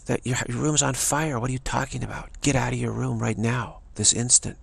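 A man's voice: mid-range voice, fairly even intonation, a little fast, gravelly, breathy edge, dry recording. A man acting out a stern father who orders his child to finish the work now. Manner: stern, commanding.

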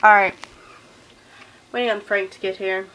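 A young woman from the South with a Southern US accent, chatting to camera in a casual daily vlog and telling stories in an animated way. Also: mid-range voice, moderate pace, a little hiss or hum, rough recording. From Southern United States. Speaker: vlogger.

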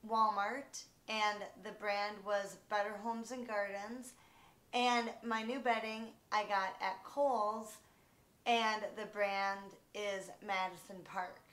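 A woman vlogger giving an unhurried, casual show-and-tell from her bedroom at home, with many ums and restarts. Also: medium pitch, fairly even intonation, fairly bright tone, reverberant.

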